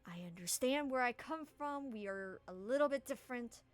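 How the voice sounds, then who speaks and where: A man's voice: extremely high pitch, lively intonation, moderate pace, soft background music. A woman voicing a defensive male sorcerer who justifies himself.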